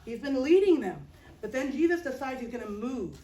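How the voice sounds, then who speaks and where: A woman teaching children, telling a Bible story in a lively, playful and expressive way. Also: high voice, normal speed, slight background noise. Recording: roomy, distant mic.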